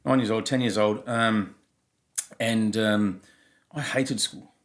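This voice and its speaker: Blunt, animated man in his fifties. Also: fairly low pitch, slow. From Germany. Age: 50s. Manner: blunt, swears freely, animated storyteller. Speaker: podcast co-host. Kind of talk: casual storytelling chat.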